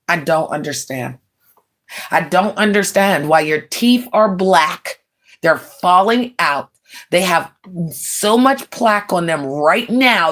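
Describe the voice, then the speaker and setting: A woman's voice: fairly low pitch, fairly bright tone. A woman in her late forties ranting bluntly on a livestream, scornful and mocking, with laughing asides. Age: 40s. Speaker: livestream host. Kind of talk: livestream rant.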